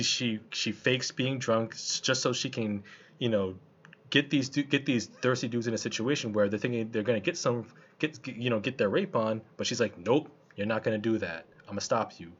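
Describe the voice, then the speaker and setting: A man with a medium-pitched, fairly bright voice chats casually about a film he saw, sounding like a relaxed film review. His talk is loose and colloquial, full of restarts and fillers, and the lo-fi recording is slightly muffled.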